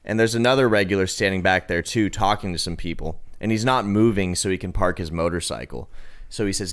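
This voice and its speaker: A man's voice: low-pitched, a little fast, a bit bright. Rambling young man telling a story. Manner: rambling anecdotes, many restarts. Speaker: podcast guest, cigar lounge manager. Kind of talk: casual storytelling chat.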